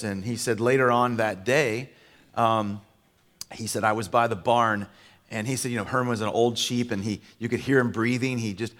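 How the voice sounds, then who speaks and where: A male pastor delivering a sermon in a relaxed, storytelling manner, full of fillers and self-corrections. His mid-pitched voice rings out with a long reverb, as if he is heard in a large church hall. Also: moderate pace. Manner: conversational storytelling with fillers and restarts.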